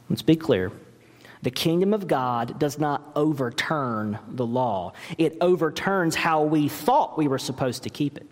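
A man's voice: medium pitch, animated, a little slow. A man preaching a sermon as pastor, emphatic and full of rhetorical questions, in a church. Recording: long hall reverb.

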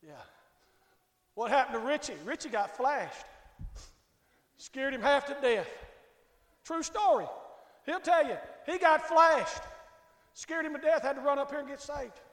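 A male preacher with a strikingly high-pitched voice delivers a folksy, emphatic sermon, calling out members of his congregation by name. The sound is roomy and full of echo, and it rings on in the church sanctuary. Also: a bit bright. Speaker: pastor. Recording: echoey hall with long reverb.

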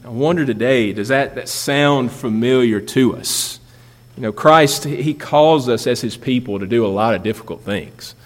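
A man's voice: medium pitch, normal speed. A man preaching a sermon as pastor, building emphasis and asking rhetorical questions. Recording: long reverb of a large hall.

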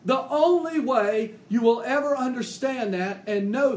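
A man preaching a sermon as pastor. He swings between loud, emphatic declarations and hushed, intimate asides. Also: extremely high pitch, unhurried, reverberant.

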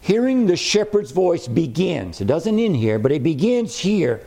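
Preacher, male, mellow tone, emphatic sermon delivery, slows for scripture. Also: a little high, big pitch swings. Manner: emphatic, repeats key phrases, slows on scripture.

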